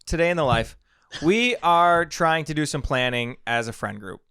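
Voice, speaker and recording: A man's voice: a little high, lively intonation, moderate pace, a bit bright, smooth, no room sound. A young man co-hosting a podcast in casual chat, dry and wry as he steers the talk. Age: young adult. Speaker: podcast co-host.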